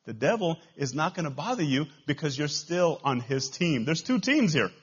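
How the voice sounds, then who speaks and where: A man with a Texan accent preaching a sermon as pastor, swinging between loud rises and quiet drops. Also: on the high side, sing-song, normal speed, breathy edge, lo-fi sound. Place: church.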